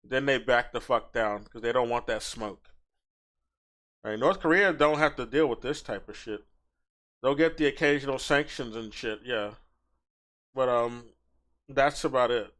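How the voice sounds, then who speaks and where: A man's voice: medium pitch, normal speed, a bit bright. A young man ranting with crude, mocking commentary while reacting to a video on a stream. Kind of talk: casual profane commentary.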